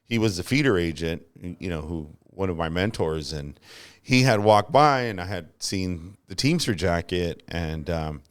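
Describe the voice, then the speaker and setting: A man telling stories from his working life in a casual podcast chat, animated and laughing at himself. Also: sits low, a little slow, smooth. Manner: animated storyteller, acts out quotes, laughs at himself. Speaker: union guest telling stories.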